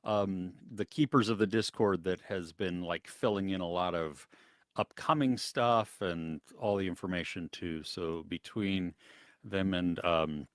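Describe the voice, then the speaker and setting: A man's voice: sits low, a little slow, dry recording, clean studio sound. A man co-hosting a live movie chat stream, greeting viewers by name and laughing often. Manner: animated, laughs often, reads chat names.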